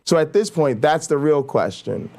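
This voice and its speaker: A man's voice: fairly high pitch, moderate pace, vocal fry. A man hosting his own channel, ranting casually and profanely, often asking "right?". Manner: animated, profane, says "right?" a lot. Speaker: YouTube host.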